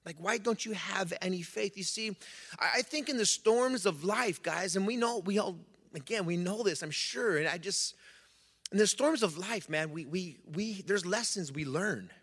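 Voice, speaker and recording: A man with a high voice delivers a sermon. He reads scripture, then preaches in a loose, conversational way, often restarting his sentences. His voice rings out with a long reverb through a church sanctuary. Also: moderate pace, fairly bright tone, slightly rough. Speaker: pastor.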